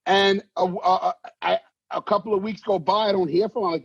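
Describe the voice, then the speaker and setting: A man, an actor telling stories in a casual interview, animated and swearing, acting out voices. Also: sits high, fairly quick, gravelly, husky, no room sound. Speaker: actor guest. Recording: dull muffled sound, dry.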